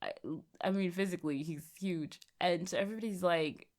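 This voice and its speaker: A woman's voice: fairly low pitch, brisk, a little mellow. A woman hosting a podcast, chatting casually and joking as she reviews comics, often breaking into laughter. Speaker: podcast host.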